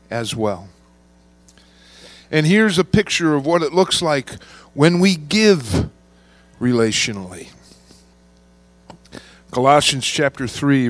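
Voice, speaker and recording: A man preaching a sermon, reading scripture and slowing down to stress key words. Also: medium pitch. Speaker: pastor.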